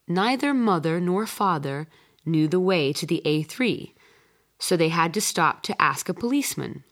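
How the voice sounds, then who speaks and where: A woman narrating a listening-comprehension exam with slow, clearly spoken scripted reading. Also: low voice, expressive. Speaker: test narrator.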